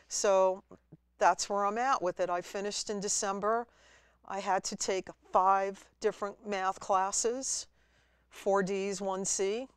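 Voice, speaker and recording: A woman guest at a college TV studio, telling her story in a lively way and acting out her own past words. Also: medium pitch, takes it slowly, clean tone, dry recording. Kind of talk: storytelling interview.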